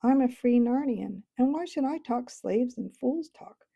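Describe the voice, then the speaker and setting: A haughty talking warhorse, voiced by a woman reading aloud, lecturing briskly in a warm, husky, slightly gravelly voice. A proud male steed from a storybook. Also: a little high, expressive, lo-fi sound, voice pushed up, exaggerated voice. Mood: confiding.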